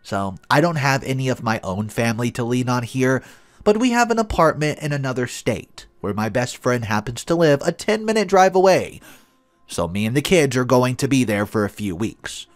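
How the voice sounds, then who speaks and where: A man's voice: mid-range voice, very animated, moderate pace, soft background music. A man narrating an online story in a dramatic, scripted reading.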